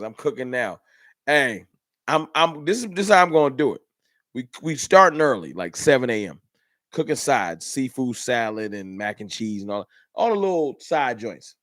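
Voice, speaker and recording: A man's voice: medium pitch, no echo, studio quality. Laid-back chatty man hosting a stream. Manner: laid-back, chatty, reads out and answers viewer comments. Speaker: livestream host. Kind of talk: casual livestream chat.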